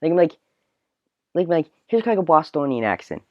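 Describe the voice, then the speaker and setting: A man's voice: fairly high pitch, sing-song, moderate pace, no echo. Rambling man ranting on a podcast. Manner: rambling, heavy use of filler words. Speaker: podcast host. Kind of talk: rambling solo podcast rant. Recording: dull, dry, lo-fi recording.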